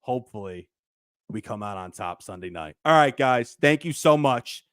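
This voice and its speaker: A man hosting a casual sports talk show, animated and emphatic, often repeating his points. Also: medium pitch, moderate pace, clear, resonant tone, no room sound, studio quality.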